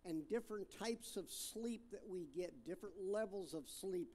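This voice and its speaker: A man preaching a sermon, reading scripture aloud and talking it through in a halting way with fillers and restarts. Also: high voice, warm tone. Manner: reads scripture aloud, stressing different words.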